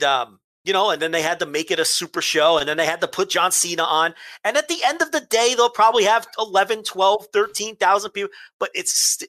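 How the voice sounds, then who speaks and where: A man's voice: high voice, pushed and bright, no echo. A man co-hosting a casual chat, ranting heatedly with profanity and emphatic repeats. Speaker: podcast co-host.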